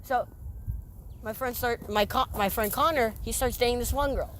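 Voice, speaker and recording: A woman's voice: a little high, moderate pace, fairly bright tone. A teenage girl hosting a casual podcast with a friend, rambling with lots of restarts and giggles. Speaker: podcast host. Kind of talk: casual chat between friends. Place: outdoors. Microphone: phone. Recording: faint outdoor background noise.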